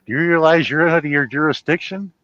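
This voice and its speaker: A man doing Buford T. Justice, a loud blustering Southern sheriff. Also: on the high side, fast, no echo, muffled recording, pitched above the performer's own voice, lightly acted. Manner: pompous, bullying.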